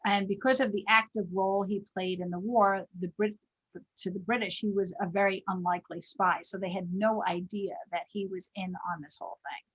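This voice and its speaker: A woman's voice: mid-range voice, steady tone, a little fast, husky, poor audio. Woman author hosting a history livestream. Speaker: host and author.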